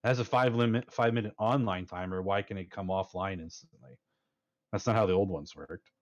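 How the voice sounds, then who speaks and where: Here the panel guest, a fleet commander, has a low-sitting voice and a fairly quick delivery, with the highs trimmed away. It's a relaxed discussion, but he presses his points hard and punctuates them with frequent "right?"s.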